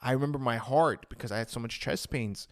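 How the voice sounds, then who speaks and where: A man's voice: mid-range voice, moderate pace, dry recording, studio quality. A man telling his personal story, re-enacting his own past words with rising emotion and saying "I'm like" again and again.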